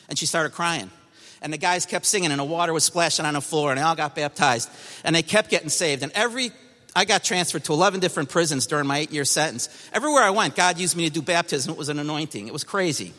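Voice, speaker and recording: Bright-voiced man in an echoey hall. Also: a little high, fairly quick. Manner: emphatic, storytelling. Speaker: church testimony speaker. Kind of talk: personal testimony to a congregation.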